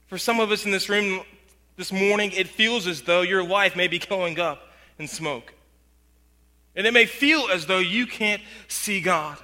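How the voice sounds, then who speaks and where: A man preaches a sermon in an earnest voice that sits high and rings very bright. He slows and drops to near-quiet for emphasis. The sound carries a long reverb from a large hall. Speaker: pastor.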